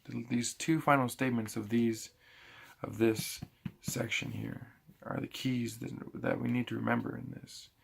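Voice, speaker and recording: A man's voice: mid-range voice, fairly even intonation, unhurried, creaky, slight background noise. A man giving a casual bible teaching, thinking aloud and often restarting his sentences. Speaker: preacher.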